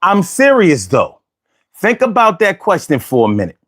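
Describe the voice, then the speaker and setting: High, lively-voiced male livestream host. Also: moderate pace. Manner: slangy, repeats phrases, asks the audience rhetorical questions. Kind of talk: casual livestream talk to chat viewers.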